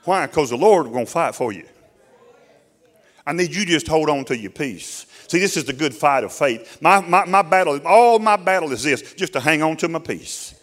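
A man's voice: on the high side, expressive, moderate pace, a bit bright. A man preaching a sermon, repeating key phrases and putting questions to his congregation in a folksy, drawling way.

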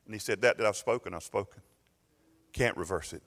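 A pastor, telling a story and building to loud, fervent preaching in a sermon. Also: male voice, on the low side, fairly quick, gravelly, long reverb tail.

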